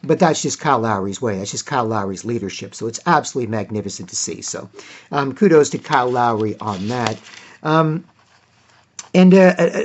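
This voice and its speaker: Animated and brisk at a medium pitch, a man rambles through solo sports commentary in a casual way. He fills his talk with fillers and clears his throat frequently.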